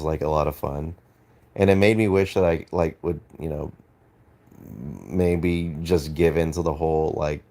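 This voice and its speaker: A low-pitched, slightly mellow male voice belongs to an Australian streamer chatting loosely with his audience. He reads and responds to chat, rambling and hesitating with fillers and restarts, quick to swear and laugh.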